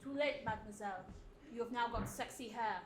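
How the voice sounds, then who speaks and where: A woman's voice: a little high, brisk, natural voice. Woman playing a pompous French detective. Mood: triumphant. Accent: put-on French. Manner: theatrical, mock-grand. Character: pompous male detective Poirot. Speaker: student actor. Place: theatre stage. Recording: roomy theatre, audience noise.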